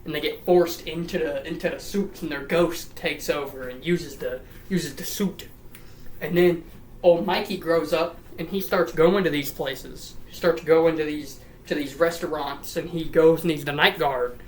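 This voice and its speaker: A woman's voice: deep voice, steady tone, normal speed, darkish tone, a little hiss or hum, poor audio. A woman rambling through a profane, comedic retelling of a story. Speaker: lore storyteller.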